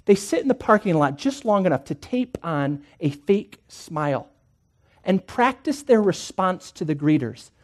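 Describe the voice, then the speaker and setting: A man preaching a sermon in church, swinging between hushed, quiet lines and emphatic ones. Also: high-pitched, big pitch swings, a little slow. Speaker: pastor.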